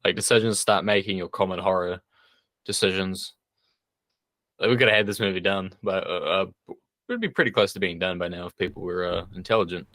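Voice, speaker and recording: A man co-hosting a film podcast, chatting bluntly and casually with plenty of swearing and halting restarts. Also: sits low, steady tone, a bit bright, no room sound. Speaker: podcast co-host. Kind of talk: casual chat.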